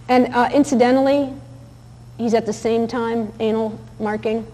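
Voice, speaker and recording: A woman with a fairly high voice lectures about dog behavior. She speaks in a chatty, anecdotal way, full of fillers and restarts. Her voice rings with the long reverb of a large hall. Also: fairly even intonation, normal speed, dark tone, slight background noise. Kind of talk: recorded lecture with video clips.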